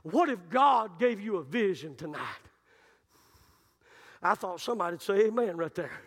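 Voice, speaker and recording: A man preaching a sermon, telling stories and building to shouted climaxes. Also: high-pitched, expressive, normal speed, long pauses. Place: church sanctuary. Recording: long reverb of a church hall.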